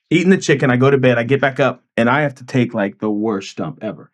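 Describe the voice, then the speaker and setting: A man telling a story in casual podcast chat, animated and acting out quotes with big jumps in pitch. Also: fast talker. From California.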